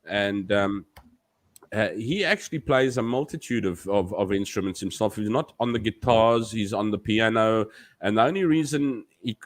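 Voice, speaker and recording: A man hosting a live stream, chatting casually, rambling and joking as he reads out the chat. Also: on the low side.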